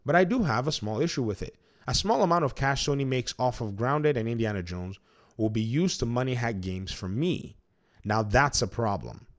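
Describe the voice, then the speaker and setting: A man's voice: medium pitch, animated, moderate pace. Emphatic man giving gaming commentary. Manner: emphatic, argumentative, restarts mid-sentence. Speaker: gaming commentary channel host. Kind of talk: opinionated solo commentary.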